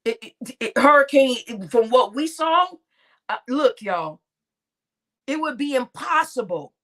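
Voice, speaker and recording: A woman doing casual live-stream commentary, animated and exasperated, stammering through restarts and talking to her chat. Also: high voice, slow pace.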